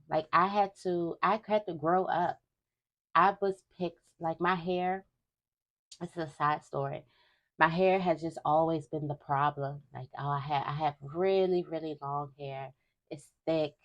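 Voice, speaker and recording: A woman's voice: low-pitched, dull audio. A young woman giving a spiritual reading to her viewers in a casual, emphatic way, repeating phrases as she talks. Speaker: tarot reader.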